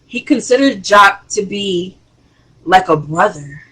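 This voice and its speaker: A woman hosting a casual reality TV review, chatty and expressive, with rising exclamations. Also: mid-range voice, takes it slowly, husky, poor audio. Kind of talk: casual commentary.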